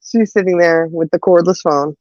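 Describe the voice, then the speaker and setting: This podcast co-host, speaking at a moderate pace in a lowish voice, shares a family story in an animated, casual way. She laughs often and performs the voices of the people in it. The audio is dull, with no room sound.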